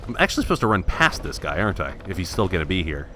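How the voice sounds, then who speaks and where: A man's voice: deep voice, sing-song, racing, pushed and bright, a little hiss or hum. A man thinking aloud in wry, self-mocking let's play commentary, restarting his sentences often. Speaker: gameplay commentator.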